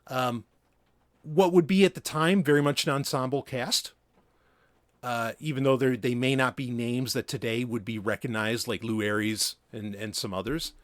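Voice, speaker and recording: A male podcast host talks in a loose, conversational way and often pauses on fillers. His voice is close and dry, with no room sound. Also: mid-range voice, no echo. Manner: relaxed, with frequent fillers and restarts.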